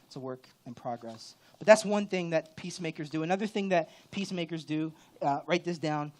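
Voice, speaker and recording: A man delivers a church sermon in a frank, conversational tone. His voice sits a little high for a man. He leans into emphatic rises to drive his points home. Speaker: pastor.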